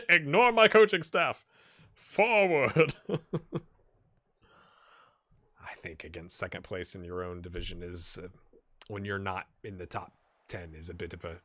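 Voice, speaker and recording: An American man giving casual, lively commentary on a football management game and reacting loudly to the match. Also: on the high side, no echo. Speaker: gaming YouTuber.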